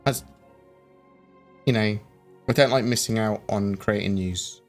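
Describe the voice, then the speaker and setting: A man's voice: fairly low pitch, unhurried. A man hosting a casual live chat, rambling and hesitant, with lots of fillers and restarts. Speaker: livestream host. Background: faint background music.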